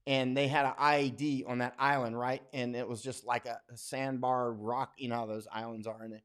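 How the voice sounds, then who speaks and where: A man hosts a casual livestream, reading viewer comments and drifting into stories. His talk is folksy and blunt, full of asides and restarts, at a middling pitch. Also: flat delivery, a little fast, fairly bright tone, clear, resonant tone. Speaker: war correspondent and livestream host.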